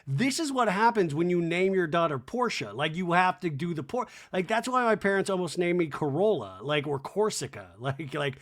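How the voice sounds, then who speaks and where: A man's voice: sits high, very animated, normal speed, few pauses. A man hosting a casual comedic recap, joking and swearing freely as he acts out quotes. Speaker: podcast host recapping a reality show.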